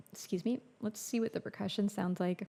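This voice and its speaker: Woman, music producer on a livestream, chatty, thinking aloud, gravelly, mellow. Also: mid-range voice, moderate pace. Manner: chatty, thinks aloud, reads viewer comments. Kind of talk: casual livestream chat while producing. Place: home music studio.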